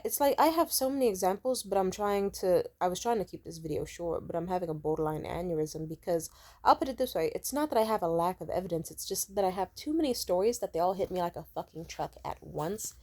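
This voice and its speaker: A woman's voice: fairly low pitch, a little fast, a little mellow. A woman vlogger telling a casual storytime rant, emphatic and rambling, full of swearing.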